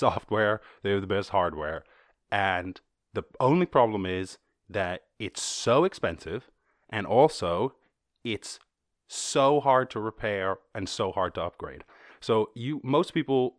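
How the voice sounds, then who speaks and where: An Irish man with a lowish voice hosts a podcast and rambles through the news in a loose, swearing style. He breaks off into jokes and sarcastic little voices, recorded close and dry with no room sound. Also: lively intonation, normal speed, no room sound. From Ireland. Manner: profane, joking asides and sarcastic voices. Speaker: podcast host. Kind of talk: casual news commentary.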